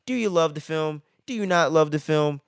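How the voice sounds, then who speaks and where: A man's voice: on the high side, normal speed, gravelly, clear, resonant tone, no room sound, studio quality. A man giving a casual spoiler movie review, slangy and profane, who keeps ending his sentences with "man.". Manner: slangy and profane, ends many phrases with "man".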